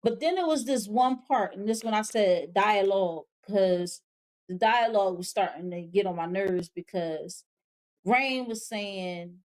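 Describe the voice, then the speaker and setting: Woman host doing a laid-back show review, slow unhurried talk, slangy and blunt. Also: mid-range voice, a little mellow. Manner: chatty, slangy recapping with frank, exasperated asides. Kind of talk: casual spoken TV show review.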